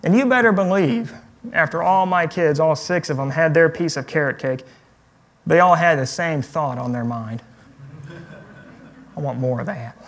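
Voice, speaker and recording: Male pastor, relaxed preaching voice with gentle jokes, a touch higher than most men. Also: moderate pace. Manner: conversational preaching with light humor. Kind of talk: sermon.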